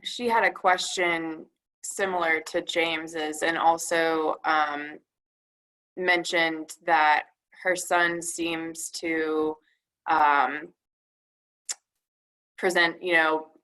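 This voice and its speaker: A woman moderates a webinar, passing along viewer questions. Her voice is low and bright, and she talks slowly and haltingly, searching for words. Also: flat delivery, rough recording.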